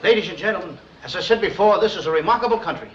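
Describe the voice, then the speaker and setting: Flustered stammering speechmaker. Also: male voice, high-pitched, expressive, racing. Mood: orating. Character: bumbling nervous American man giving a speech. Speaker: speech-giving pupil. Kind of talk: 1940s film comedy acting. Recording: dull old film soundtrack with faint noise.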